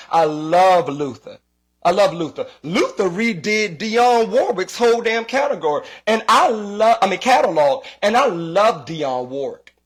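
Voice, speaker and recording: A young man and comedian ranting in a casual comic style, profane and animated, often repeating himself. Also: high-pitched.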